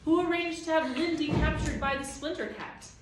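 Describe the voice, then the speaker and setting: A woman's voice: on the high side, lively intonation, moderate pace, far from the mic, background noise, voice pushed up, close to an everyday voice. A woman voicing a young boy who talks back angrily and defiantly, in an echoey room away from the mic. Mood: angry. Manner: angry and defiant. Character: fierce, protective young boy.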